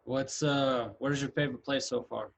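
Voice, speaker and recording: A man's voice: mid-range voice, steady tone, normal speed, creaky, a little hiss or hum. A man hosting a casual interview, asking easygoing and encouraging questions. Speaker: podcast host.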